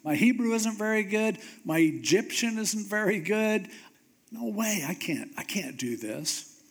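A man's voice: sits high, lively intonation, measured pace, voice pushed up, full character voice. A man preaching, voicing a reluctant Moses who pleads and trails off. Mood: anxious. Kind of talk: sermon storytelling.

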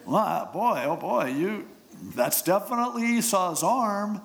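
A man's voice: high-pitched, animated, measured pace, creaky, fairly bright tone, voice pushed up, heavily acted. Man playing a gullible old father. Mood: fooled.

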